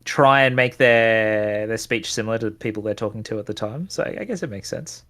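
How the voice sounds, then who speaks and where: A young man chatting casually with a friend while playing a game, relaxed and often repeating words as he thinks. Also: fairly low pitch, brisk. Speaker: streamer's teammate. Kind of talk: casual chat while gaming.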